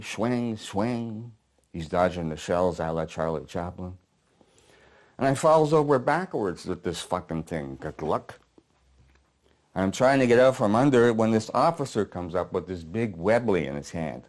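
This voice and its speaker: A man reading as a gruff, haunted old veteran. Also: on the low side, lively intonation, unhurried, darkish tone. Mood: weary. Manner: coarse, blunt storytelling with swearing. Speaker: playwright reading his play aloud. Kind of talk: dramatic monologue reading. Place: apartment living room.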